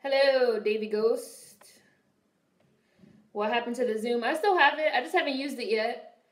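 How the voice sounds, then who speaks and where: A woman's voice: on the high side, moderate pace, roomy sound. A young woman casually commenting on a film during a live stream, swearing freely and answering her chat. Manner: chatty, swearing, reads and answers viewer chat.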